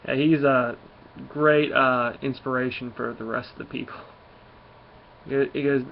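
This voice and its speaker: A man casually reviewing a comic book, rambling through the plot with lots of pauses and fillers. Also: mid-range voice, level tone. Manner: rambling, filler-heavy retelling. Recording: dull lo-fi audio with faint noise.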